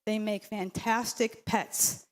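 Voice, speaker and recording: This woman talks slowly in a mid-range voice that barely moves in pitch. Standing at a podium mic during a city council meeting, she delivers a rambling, insistent public comment packed with fillers and false starts.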